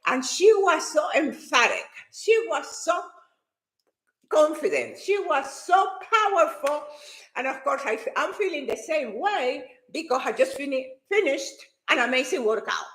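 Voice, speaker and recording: A woman telling a personal story with excitement, talking fast and restarting her sentences as she goes. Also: sits high. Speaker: fitness and motivation speaker. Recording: echoey room.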